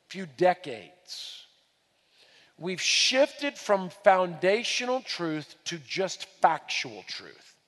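A man preaching a sermon with emphasis, repeating key phrases and swinging between hushed and loud delivery. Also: high voice, long reverb tail. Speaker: pastor.

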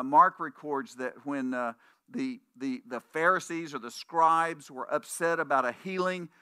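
A pastor delivers a conversational sermon full of anecdotes and restarts, putting on voices for the people he quotes in his stories. His voice is bright and a little higher than most men's. The sound is dry and close, with no room echo.

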